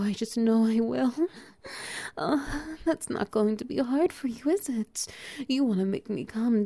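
A woman voicing a dominant, teasing cat-like creature with a tail, in a slow, breathy whispered role-play with frequent soft laughs. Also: on the high side, heavily acted.

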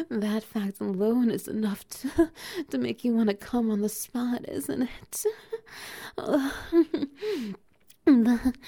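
A woman voicing a dominant, teasing cat-like creature with a tail, in a slow, breathy whispered role-play with frequent soft laughs. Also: fairly high pitch.

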